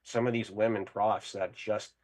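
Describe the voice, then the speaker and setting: A man's voice: on the low side, little pitch movement, moderate pace, a little mellow. A Canadian man calling in to a show, telling a crude, boastful story in a rambling way and laughing along. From Winnipeg, Canada. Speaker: caller. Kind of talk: casual call-in storytelling.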